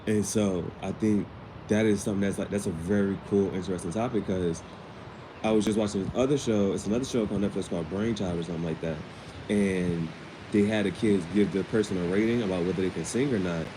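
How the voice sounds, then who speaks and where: A man's voice: low voice, fairly quick, noisy background. A man casually recapping a TV episode in slangy, rambling speech with many restarts. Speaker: vlogger.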